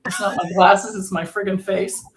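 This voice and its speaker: A woman's voice: mid-range voice, steady tone, moderate pace, crowd noise. A middle-aged woman hosting a casual tarot livestream, chatting and greeting viewers by name with frequent laughter.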